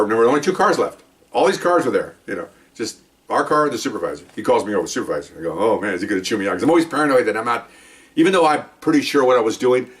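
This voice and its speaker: Older man rambling through a story, distant mic. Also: fairly low pitch. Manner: rambling, folksy, acts out quotes of others. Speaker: retired police training officer. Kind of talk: casual storytelling monologue.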